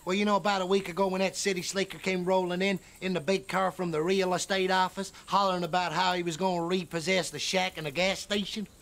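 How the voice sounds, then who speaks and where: High-voiced, sly Southern backwoods schemer in a sketch. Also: male voice, little pitch movement, fast talker, vocal fry, hardly any pauses, fairly bright tone. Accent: American Southern, put on. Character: scheming grinning swamp hillbilly man. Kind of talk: sketch comedy acting.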